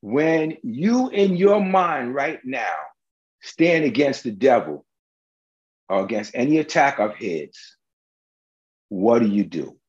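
A man's voice: medium pitch, animated, takes it slowly, long pauses, dull audio. A male preacher delivering an emphatic, colloquial sermon, firing rhetorical questions at the congregation.

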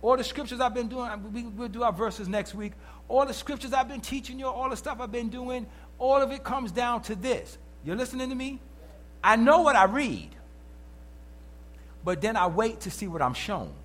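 A man's voice: very high voice, moderate pace. A male preacher giving an emphatic sermon and calling out questions to the congregation. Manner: animated, emphatic, calls out to the congregation.

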